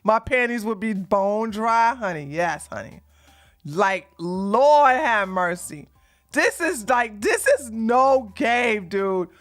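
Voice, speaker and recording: A woman streamer giving live reaction commentary, mocking what she watches and often laughing and breaking into shouts. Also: a little high, animated, slow pace.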